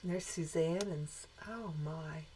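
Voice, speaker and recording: A woman's voice: lowish voice, measured pace, noisy background. A woman co-hosting a live show, chatting casually and greeting viewers by name. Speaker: co-host of a quilt shop live show. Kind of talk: casual live-stream chat.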